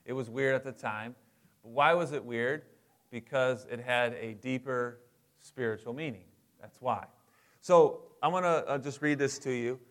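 Middle-aged male pastor, casual sermon delivery, mid-pitched, checks in with listeners. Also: measured pace. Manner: conversational, asks the congregation for responses.

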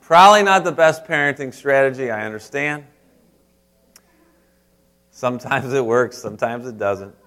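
A man preaches a sermon at an everyday middle pitch. He rises to loud, emphatic lines and then drops to soft, hushed asides. He keeps turning to the congregation with direct questions. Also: normal speed, pauses often. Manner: speaks straight to the congregation with questions. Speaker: pastor.

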